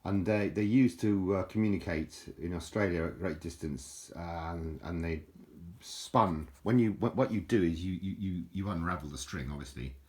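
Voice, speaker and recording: At home, a man with a very deep voice chats casually into a handheld camera he holds with one hand while showing off an object. His speech runs at a moderate pace and sounds a bit mellow, stumbling and restarting amid fillers, chuckles, and self-mocking jokes. For fun, he slips into mock Aussie slang during this rambling show-and-tell.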